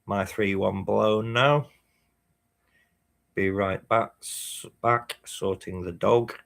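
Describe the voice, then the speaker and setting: A man's voice: on the low side, steady tone, slow, vocal fry, a bit bright. A man hosting a live match watchalong, chatting casually, swearing and reading chat messages aloud. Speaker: fan channel host.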